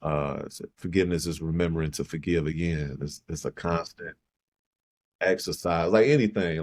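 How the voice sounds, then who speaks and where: Podcast guest: middle-aged Chicago man, very low voice, reflective and halting, repeats phrases. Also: a little mellow. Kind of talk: personal storytelling in conversation.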